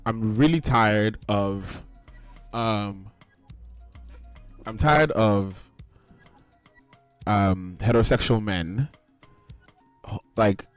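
Lowish-voiced man ranting on a podcast. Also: drawn-out words, long pauses, smooth, no echo, soft background music. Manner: animated storytelling, laughing, acting out quotes. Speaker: podcast host. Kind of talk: casual ranting chat.

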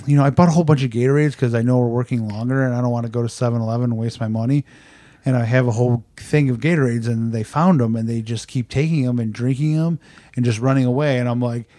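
A man's voice: mid-range voice, fairly quick, no echo. A man on a podcast in casual chat, telling profane stories and acting out the dialogue. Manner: profane animated storyteller, acts out dialogue. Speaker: podcast guest.

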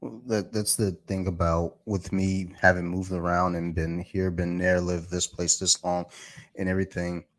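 A man in his forties from Detroit, a podcast guest who talks in an animated way, laughs often and swears freely. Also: sits low, normal speed. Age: 40s. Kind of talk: casual chat.

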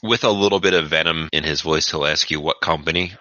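A man with a very low voice narrates a tabletop game as its game master in a loose, casual way. His tone is bright and forceful, and the audio is dry and dull like a lo-fi podcast recording. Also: fast talker, dry recording.

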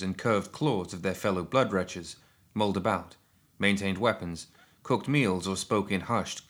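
A man narrating a dark fantasy audiobook in a steady, measured reading. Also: fairly low pitch.

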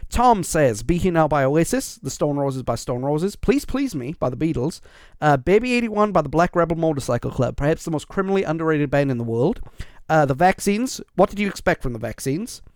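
A man hosting a podcast on his own, reading out listener lists in a casual, upbeat way with quick asides. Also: a little high, sing-song, a little mellow, no echo, studio quality. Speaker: podcast host. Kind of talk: casual solo podcast chat.

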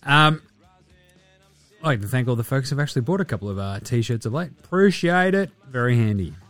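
A man's voice: mid-range voice, expressive, fairly quick, a bit bright, dry recording, soft background music. A man hosting a casual sports podcast, swearing freely and mocking players with sarcastic impressions. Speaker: podcast host.

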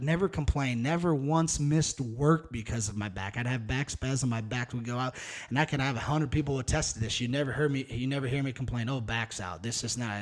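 A man in his thirties talks through a solo podcast episode with a mid-range voice. He rambles loosely and candidly, with frequent cussing and a plain, casual delivery. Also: medium pitch. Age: 30s. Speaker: podcast host.

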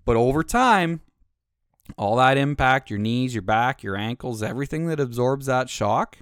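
A man's voice: mid-range voice, lively intonation, normal speed, fairly bright tone, smooth, dry recording, studio quality. A man who drives trucks telling a rambling, profane anecdote in a casual way.

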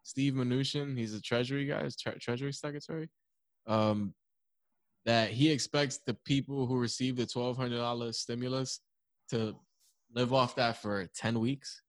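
A young man, co-hosting a casual podcast chat, swearing freely and telling animated stories. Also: medium pitch, normal speed, no room sound. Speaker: podcast co-host.

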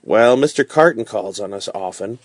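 A man's voice: on the low side, expressive, moderate pace, dry recording. A man reading aloud as an older, protective doctor and father who speaks earnestly.

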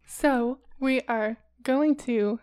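A woman's voice: on the high side, very slow, a little mellow, clear, resonant tone. A young woman co-hosting a true crime podcast, telling the story in a casual, chatty way with hesitations and laughs. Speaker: podcast co-host.

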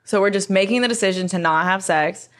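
A woman's voice: medium pitch, brisk. A young woman co-hosting a podcast, chatting candidly, swearing freely and laughing often. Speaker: podcast co-host. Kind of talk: casual podcast chat.

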